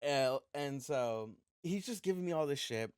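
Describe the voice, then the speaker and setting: A young man co-hosting a podcast, telling an animated, profane story in casual chat. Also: medium pitch, moderate pace, clear, resonant tone, no room sound, clean studio sound. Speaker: podcast co-host.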